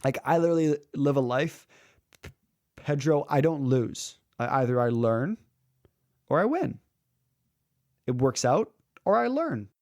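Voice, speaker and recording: Brief: male coach, animated storyteller, does character voices, lots of "um", dry close sound. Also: mid-range voice, measured pace, pauses often, dry recording. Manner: lively storyteller who acts out quoted characters; frequent filler words and restarts. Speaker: public speaking coach. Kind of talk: conversational interview storytelling.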